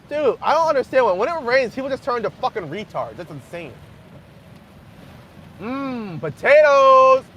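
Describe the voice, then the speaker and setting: A young man hosting a casual livestream, joking crudely and half-yelling to be heard over loud background noise. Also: very high-pitched, highs cut off. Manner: crude joking, frequent laughter. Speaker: livestream host. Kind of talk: casual livestream chat with viewers.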